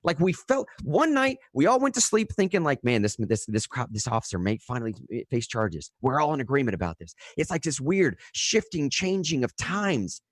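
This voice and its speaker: Casual, animated male radio host. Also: medium pitch, normal speed, hardly any pauses, no echo. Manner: casual and animated, frequent "dude" and "man", restarts when worked up. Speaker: radio news show host. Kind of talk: live talk radio commentary. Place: radio studio.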